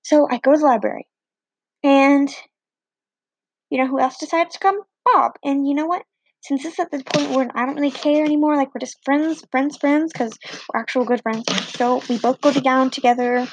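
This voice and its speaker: A teenage girl telling a story in a chatty, animated way, acting out the other people's lines with different voices. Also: high-pitched, normal speed, dry recording. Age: teens. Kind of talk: casual storytelling.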